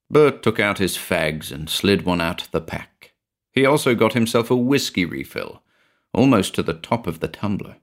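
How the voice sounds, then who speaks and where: Deep-voiced British male narrator. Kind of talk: scripted narration.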